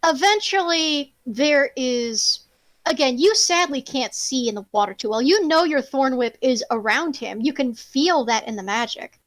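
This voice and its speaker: A woman narrating a tabletop game as game master, animated and laughing, swearing freely. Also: high voice, measured pace, no room sound.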